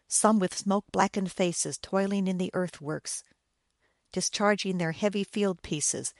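A woman reading a first-person war story aloud, in a measured, grave storytelling manner. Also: lowish voice, dry recording, studio quality. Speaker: audiobook narrator.

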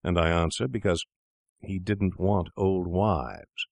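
A man's voice: low voice, steady tone, slow, vocal fry, a little mellow, dry recording, heavily acted. A man reading the part of a cool, cynical young doctor in a storybook, coolly persuasive.

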